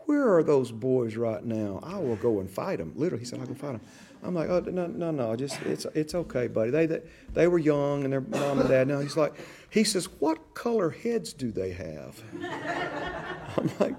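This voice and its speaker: A man's voice: on the high side, vocal fry, darkish tone. An older man with grandchildren teaching a church discipleship class, conversational and storytelling, acting out voices in his stories.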